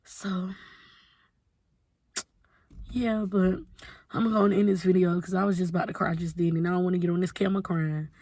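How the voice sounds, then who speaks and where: A woman's voice: lowish voice, fairly even intonation, normal speed, pauses often, mellow, no room sound. A young adult woman, talking candidly and rambling on a casual venting vlog. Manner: candid, rambling, heavy use of "like". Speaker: vlogger.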